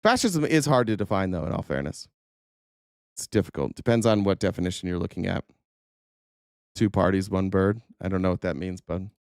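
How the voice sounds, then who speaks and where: A man's voice: low-pitched, animated, fairly quick, pauses often, dry recording, studio quality. A man hosting a casual political livestream, talking in a sarcastic, profane way and reading viewer comments aloud, his voice a little worn. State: voice a bit worn. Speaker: livestream host.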